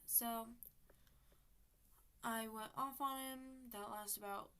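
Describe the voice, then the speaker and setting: A woman's voice: fairly high pitch, fairly even intonation, slow pace, sharp tone, smooth. A teenage girl casually telling a personal story to her viewers, acting out text messages with lots of fillers. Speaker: storytime vlogger.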